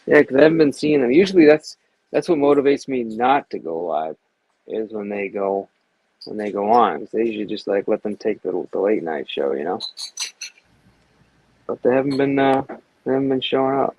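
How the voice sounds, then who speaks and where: A man's voice: mid-range voice, normal speed, no echo, muffled recording. A man hosting a casual live stream, chatting in a laid-back way. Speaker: host.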